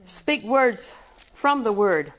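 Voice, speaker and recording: A woman's voice: a little high, lively intonation, slow, a bit bright. A woman preaching a sermon with rhythmic repetition, quizzing her congregation and chuckling between points.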